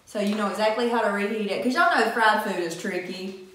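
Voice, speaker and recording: A woman's voice: medium pitch, a little fast, a bit bright. Chatty Southern woman in echoey room. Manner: chatty, enthusiastic about food. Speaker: mukbang co-host. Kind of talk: casual eating-show chat. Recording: very echoey room, faint noise.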